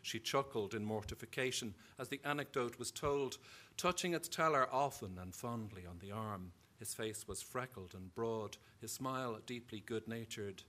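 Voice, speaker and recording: Here a man with an Irish accent performs a reading of his own fiction before a live audience, pacing it in a measured storytelling manner. The voice is mid-pitched, with a pushed, bright quality.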